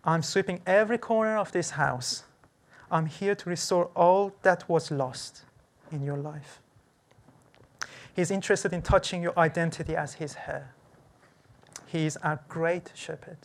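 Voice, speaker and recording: An earnest, gently pleading preacher giving a church sermon and leading a closing prayer. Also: mid-range voice, measured pace, long pauses. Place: church service.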